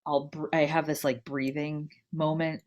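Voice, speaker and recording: A woman's voice: low-pitched, flat delivery, moderate pace, a little mellow. A young woman co-hosting a casual chat, rambling and laughing often as she talks. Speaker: podcast co-host.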